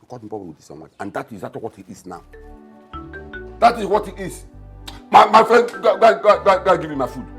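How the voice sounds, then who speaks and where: A man's voice: high-pitched, big pitch swings, quick pace, long pauses, faint music behind. A scornful Nigerian father. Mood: mocking. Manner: mocking, loud, repetitive. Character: scornful middle-aged father, blunt and mocking.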